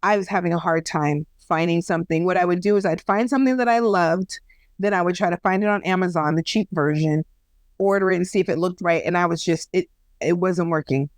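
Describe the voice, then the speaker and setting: A woman in her thirties co-hosting a casual podcast, telling a story in a lively way and acting out the people she quotes. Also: fairly low pitch, fast, dry recording. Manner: animated storyteller, acts out quoted voices, laughs at herself. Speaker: podcast co-host.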